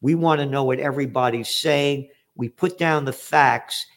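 Older man, news commentary, blunt, sarcastic, profane, emphatic, mid pitch. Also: moderate pace, gravelly. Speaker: trends forecaster hosting a news commentary show. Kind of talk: opinionated news commentary, reading headlines.

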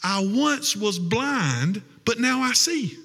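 A man's voice: high voice, very animated, slow pace, vocal fry, sharp tone, long reverb tail, voice pushed up, heavily acted. A man voicing a plain-spoken man just healed of blindness, telling what happened earnestly and insistently. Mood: jubilant.

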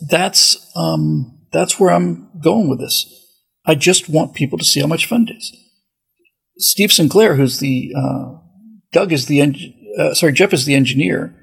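A man's voice: fairly high pitch, a bit bright, low-quality recording. A man hosting a podcast in a casual, rambling monologue, often restarting his sentences. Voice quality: very gravelly, raspy voice. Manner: rambling, with many restarts and asides. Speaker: podcast host.

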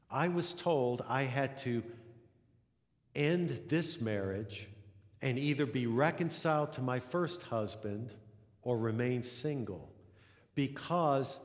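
Pastor preaching in an echoing sanctuary. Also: male voice, medium pitch. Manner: storytelling, rising to emphatic peaks. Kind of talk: sermon. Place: church sanctuary. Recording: long hall reverb.

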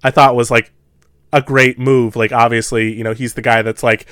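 A man co-hosting a casual podcast about a film, animated and laughing often. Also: medium pitch, fairly quick, dry recording, clean studio sound. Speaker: podcast co-host. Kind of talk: casual movie discussion.

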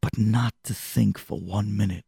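A man's voice: fairly low pitch, fairly even intonation, measured pace, gravelly, mellow, breathy edge, no room sound, studio quality. A man telling a religious story with dramatic, emotive narration.

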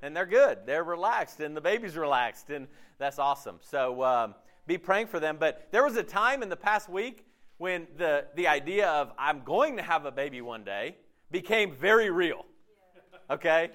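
A man, a pastor, giving a conversational sermon, casual and animated, often acting out quotes in his talk. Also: a little high, normal speed.

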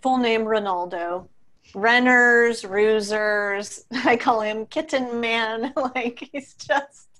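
A woman's voice: on the high side, takes it slowly, fairly bright tone. A woman guest on a podcast, a coach speaking earnestly and reflectively in casual chat, laughing easily.

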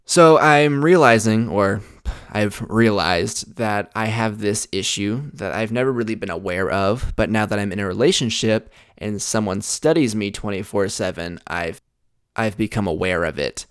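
A man's voice: fairly low pitch, moderate pace, clear, resonant tone, dry recording, studio quality. A young man hosting a podcast, telling rambling, self-deprecating stories in a blunt, casual way. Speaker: podcast host. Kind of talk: casual storytelling monologue.

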